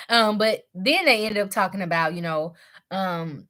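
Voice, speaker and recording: A young woman giving a casual live recap, chatty and slangy with lots of fillers, clearing her throat from a cough. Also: mid-range voice, animated, measured pace, fairly bright tone. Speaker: show reviewer.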